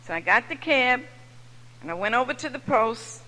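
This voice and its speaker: A woman, telling her own story at a recovery meeting with lively comic timing. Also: on the high side, normal speed. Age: 70s. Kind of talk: personal testimony to a live audience. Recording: echoey hall from far off.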